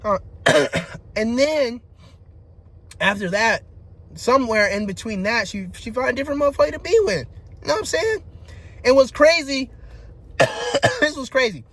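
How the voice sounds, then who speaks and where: A young man ranting about his dating life, cursing heavily and restarting his sentences, his voice climbing into shouts when he gets worked up. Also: expressive, moderate pace, long pauses. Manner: frustrated venting with heavy profanity, restarts, pitch rising into shouting. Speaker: vlogger. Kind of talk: personal rant to camera.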